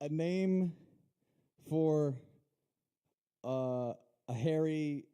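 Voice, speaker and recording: A man's voice: medium pitch, warm tone. A man performing a playful, giggly comedy bit at a bar open mic.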